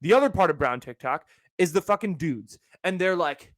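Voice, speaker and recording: Young male podcast host, solo rant, swears a lot, fairly high voice, dry close sound. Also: moderate pace, no room sound. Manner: animated, profane, ranting.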